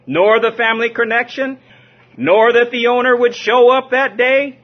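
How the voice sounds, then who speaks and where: A man from Southern California preaching a lively sermon, drawing call-and-response from his listeners and chuckling between points. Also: sits high. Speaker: pastor. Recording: dull lo-fi sermon recording.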